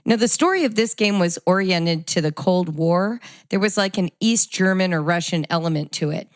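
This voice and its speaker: Animated middle-aged woman hosting an interview. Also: fairly low pitch, moderate pace, no echo, studio quality. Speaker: podcast host. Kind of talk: conversational interview.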